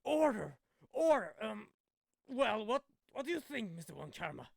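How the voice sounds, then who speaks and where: A man doing a flustered old judge who calls out loudly in a higher, lively voice. The sound is close and dry. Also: normal speed, vocal fry, dry recording, exaggerated voice. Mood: bewildered. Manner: raised, exclaiming voice. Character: flustered elderly male judge, loud.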